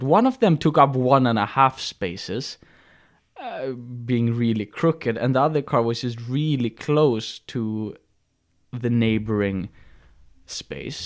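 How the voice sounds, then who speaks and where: A man co-hosting a podcast, telling a story in casual chat with many restarts and fillers. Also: medium pitch. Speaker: podcast co-host.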